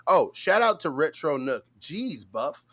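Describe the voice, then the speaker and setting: A man co-hosting a live stream, chatting casually and breaking into loud shouted rants. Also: a little high, sing-song, unhurried. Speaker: co-host of a live stream show.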